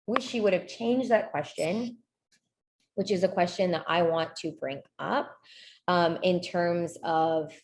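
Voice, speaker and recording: A woman's voice: on the low side, darkish tone, slight background noise. Chatty woman advising on essays. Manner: chatty, full of fillers and restarts. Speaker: admissions consultant. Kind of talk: casual talk to a group.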